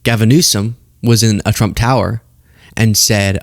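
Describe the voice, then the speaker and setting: A man's voice: fairly low pitch, fairly even intonation, unhurried, no echo, studio quality. A man hosting a political commentary show, talking casually and sarcastically with frequent laughter.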